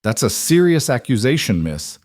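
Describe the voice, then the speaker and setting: Man putting on a fussy thin clerk voice, a bit higher, wary and hesitant. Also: very animated, normal speed, darkish tone, no room sound, clean studio sound. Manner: bored, then wary and hesitant. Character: thin, bored male land office clerk.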